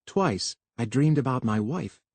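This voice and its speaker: A man voicing a quiet, plaintive young recruit in a story reading. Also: mid-range voice, animated, unhurried, no echo. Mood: subdued.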